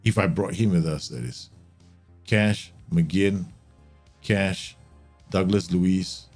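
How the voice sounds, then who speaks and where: Male game streamer, lowish voice, excitable live match commentary, faint background music. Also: takes it slowly. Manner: animated, exclaiming and grumbling at the match. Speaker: streamer playing a football management game.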